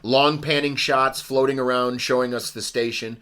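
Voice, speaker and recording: Male podcast co-host, casual, halting movie recap full of fillers. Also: medium pitch, steady tone, a bit bright, clear, resonant tone. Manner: rambling, many ums and restarts.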